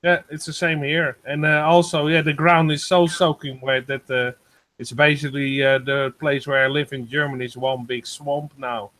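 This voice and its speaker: A man on a group video call, talking about the weather at his home, hesitant and full of pauses. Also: mid-range voice, flat delivery, a bit bright, dry recording. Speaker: guest giving a weather report. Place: home in Germany.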